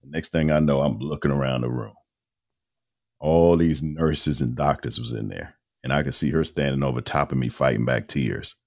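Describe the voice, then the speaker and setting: A man in his fifties, a radio host and voice-over artist, telling his story in a casual, animated interview with colloquial phrasing. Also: a bass voice, normal speed, creaky. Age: 50s.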